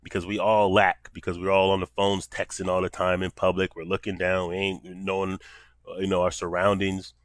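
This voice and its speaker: A man's voice: sits low, completely flat delivery, fairly quick, no echo. A man giving casual commentary in blunt, profane street talk.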